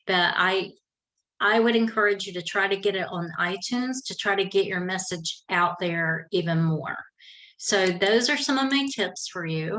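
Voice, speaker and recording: A woman's voice: mid-range voice, a bit bright, poor audio. A middle-aged woman from South Georgia with a Southern drawl, giving casual, folksy podcasting tips from her home office. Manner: chatty, self-correcting, folksy. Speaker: podcasting coach. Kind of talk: casual how-to talk. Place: home office with a fan running.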